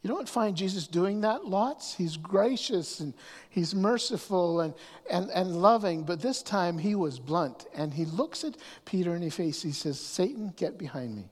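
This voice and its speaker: A man preaching a sermon, often restarting his words and swinging from hushed asides to raised emphasis. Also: high voice, lively intonation, measured pace. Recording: long hall reverb.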